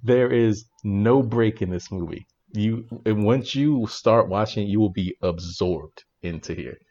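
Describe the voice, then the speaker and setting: Low-voiced man excitedly retelling a movie. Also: measured pace, muffled recording. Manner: animated, laughing retelling with restarts. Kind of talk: casual movie review chat.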